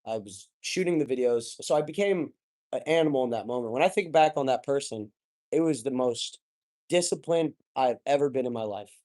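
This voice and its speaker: A man's voice: medium pitch, lively intonation, fairly quick, warm tone. A young man in his twenties as a podcast guest, telling a personal story openly and with feeling, swearing casually and saying "like" and "bro" a lot. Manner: open, emotional, swears casually, says "like" and "bro" often.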